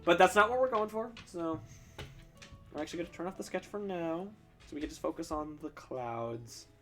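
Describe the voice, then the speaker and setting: A man's voice: on the high side, moderate pace, a bit bright, soft background music. A young man chatting casually while drawing on a stream, rambling and stumbling over restarts with self-deprecating laughs. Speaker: streamer answering chat questions while drawing. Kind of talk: casual chat.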